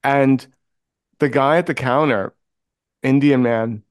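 Talking slowly in a smooth, medium-pitched voice, a man chats casually on a podcast, telling a story in an animated way and acting out the voices of the people in it. The recording is dry and studio quality.

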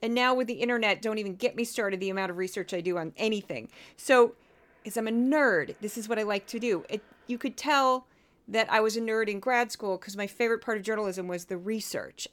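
A woman from Missouri, hosting a podcast in a chatty, rambling, self-deprecating way. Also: medium pitch. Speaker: podcast host. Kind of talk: casual commentary.

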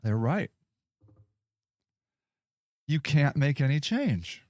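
A man's voice: a little high, big pitch swings, very slow, a little mellow, dry recording, studio quality. A man ranting in a casual, angry and sarcastic way, swearing often as he tells a story. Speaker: podcast host. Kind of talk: casual rant.

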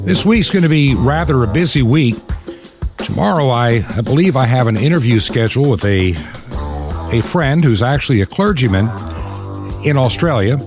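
A man's voice: medium pitch, animated, normal speed, music in the background. A man hosting his own podcast in a casual, opinionated monologue, restarting words as he grows indignant. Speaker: podcast host.

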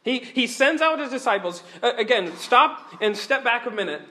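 Male preacher with a high voice, animated and earnest, stumbles over and repeats words, sermon delivery. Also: normal speed, a little hiss or hum.

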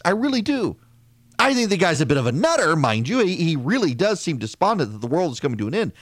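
A man's voice: a little high, no room sound. A man hosting a political podcast, delivering an opinionated, conversational monologue with frequent restarts and sarcastic asides. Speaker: podcast host.

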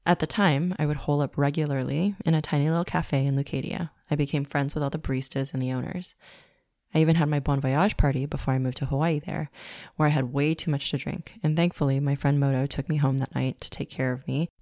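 A woman podcast host reading a personal essay in a calm, reflective way. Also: low voice, fast talker, no echo, clean studio sound.

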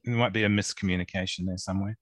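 A man's voice: low voice, fairly even intonation, racing, fairly bright tone, no room sound. A man co-judging photos on a podcast, chatting casually with dry, wry humour. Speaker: co-judge. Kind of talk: casual chat.

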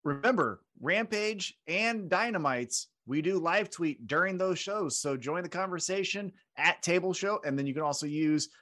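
A man co-hosting a casual wrestling podcast, animated and quick to act out the people he talks about. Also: high voice. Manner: animated, acts out wrestlers with loud put-on voices. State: unemployed. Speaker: podcast co-host.

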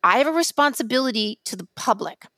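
A woman co-hosting a casual podcast, telling stories in an animated, theatrical way, with swearing and acted-out asides. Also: a little high, quick pace, dry recording, clean studio sound. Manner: animated, theatrical storytelling with profanity. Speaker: podcast co-host.

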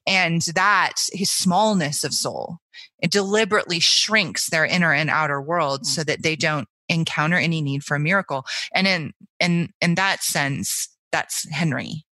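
A woman with a very low voice and a bright, forceful tone lays out careful literary analysis on a podcast. She builds her points step by step in long, thoughtful stretches. The sound is dry and close. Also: normal speed, dry recording. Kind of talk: casual literary discussion.

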